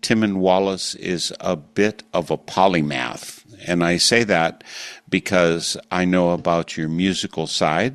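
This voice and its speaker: A radio interview host opens with a scripted intro before moving on to careful, thoughtful questions. He has a low voice, and there's no echo.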